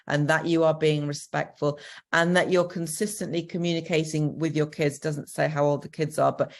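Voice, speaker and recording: A woman's voice: sits low, level tone, moderate pace. A woman with a Northern English accent, a co-parenting coach giving practical, encouraging advice in a Q&A, with frequent ums. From Northern England. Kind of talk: answering a question in a Q&A.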